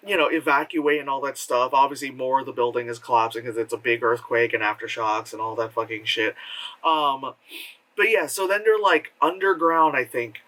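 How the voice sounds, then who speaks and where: A man giving a rambling, profane movie review, full of fillers and quick exaggerated impressions of the characters. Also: fairly high pitch, bright, forceful tone, far from the mic, low-quality recording. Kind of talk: casual film review monologue. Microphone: camera with a flash.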